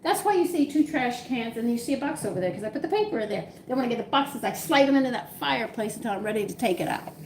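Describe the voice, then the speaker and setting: A woman's voice: fairly high pitch, animated, quick pace, hardly any pauses, a little hiss or hum. An older woman hosting a home cooking live stream, chatting with viewers and telling exasperated stories from home. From Texas. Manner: chatty, exasperated storytelling with laughs. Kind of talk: casual live-stream chat.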